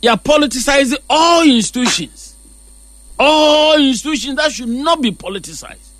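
A man with a Ghanaian accent discussing politics on a talk show. He speaks in a measured way and switches between Twi and English. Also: very high voice, lively intonation, a bit bright, no echo. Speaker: political analyst.

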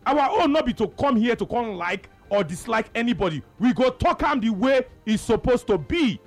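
A man with a Nigerian accent hosting a sports call-in radio show, lecturing callers forcefully and repeating himself. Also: very high-pitched, sing-song, moderate pace, soft background music. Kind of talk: heated call-in radio debate.

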